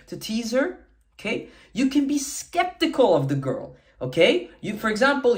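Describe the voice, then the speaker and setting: Emphatic male dating coach. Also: sits high. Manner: emphatic, repeats "okay?" often; acts out sample lines in varied tones. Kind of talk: talking-head coaching video.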